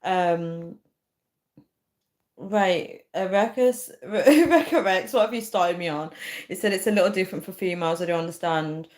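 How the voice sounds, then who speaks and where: A young woman chatting casually to viewers, ranting in an animated way and laughing often. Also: fairly low pitch, moderate pace. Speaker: vlogger.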